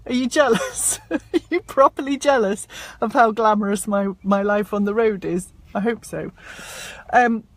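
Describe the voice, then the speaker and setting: A woman's voice: medium pitch, moderate pace, dry recording. Bubbly woman, live-stream chat from a car, dry close phone sound. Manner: chatty, bubbly, self-mocking. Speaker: self-help author and happiness coach. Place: inside a parked car. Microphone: phone propped up in front of her.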